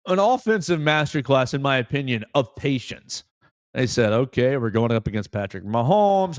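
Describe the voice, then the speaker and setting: Man, sports talk host, fairly high voice, animated and emphatic, dry dull lo-fi sound. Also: dry recording. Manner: animated, repeats phrases for emphasis. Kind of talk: solo sports talk commentary.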